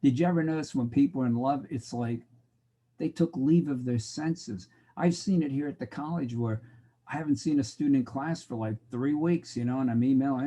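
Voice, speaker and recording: Middle-aged guy teaching sociology, dark husky voice, cracks jokes. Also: mid-range voice, normal speed. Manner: joking, wry, talks to the class directly. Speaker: college instructor. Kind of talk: recorded lecture.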